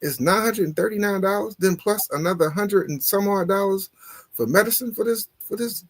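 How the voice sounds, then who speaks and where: A man on a casual talk show, telling a story in an animated, exasperated way and swearing often. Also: high-pitched, normal speed, no room sound. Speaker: podcast co-host.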